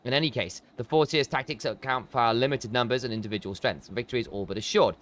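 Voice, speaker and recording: A man's voice: mid-range voice, quick pace, fairly bright tone, natural voice. A man reading game dialogue aloud, voicing a stiff, formal quest-giver briefing an ambush in a put-on accent.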